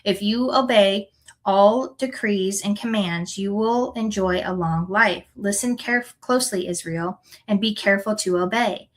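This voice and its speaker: Woman reading scripture, earnest and steady. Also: mid-range voice, poor audio. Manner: earnest, unhurried reading with small self-corrections. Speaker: scripture reader.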